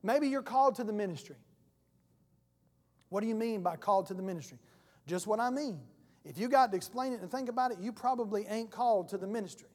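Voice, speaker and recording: A folksy man pastor preaching a sermon, dropping into little acted voices as he tells his stories. His voice sits high, and a long reverb trails after it in the church. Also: fast.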